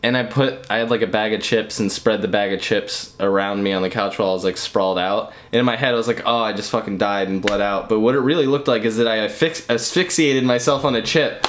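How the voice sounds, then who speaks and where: A man's voice: on the low side, steady tone, fast, hardly any pauses. A young man hosting a casual podcast, rambling through stories and laughing often at his own jokes. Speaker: podcast host. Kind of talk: casual chat.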